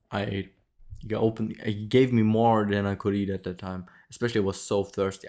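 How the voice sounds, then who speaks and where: Low-voiced man telling a story casually. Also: warm tone. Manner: rambling, many fillers and restarts, frequent laughs. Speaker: vlogger.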